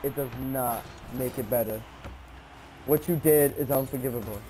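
A man's voice: mid-range voice, moderate pace, background noise. A man chatting casually while playing an online game on a headset mic, exasperated, swearing and teasing a friend in mock anger. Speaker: gamer. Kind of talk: casual gameplay chat.

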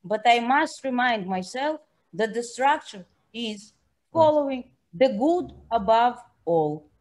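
High-pitched woman, slow and emphatic, keeps checking in with "right?". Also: lively intonation, darkish tone. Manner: emphatic, frequent "yeah?" and "right?" tags, occasional swearing. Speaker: artist and painter, guest. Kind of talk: passionate conversational interview.

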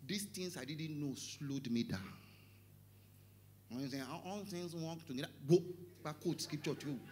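With a voice on the high side and an unhurried delivery, a middle-aged Nigerian pastor gives a lively sermon in Yoruba-accented English. He shouts often, jokes around and slips into Yoruba at times.

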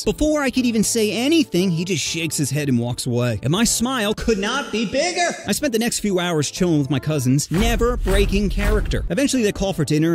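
A young man telling comedy stories, dry narration broken by loud acted-out voices. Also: on the high side. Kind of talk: animated comedic storytelling.

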